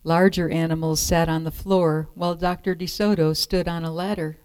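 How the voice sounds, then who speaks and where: A woman calmly reading a children's picture book aloud as storyteller. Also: fairly low pitch, normal speed, clear, resonant tone, no echo.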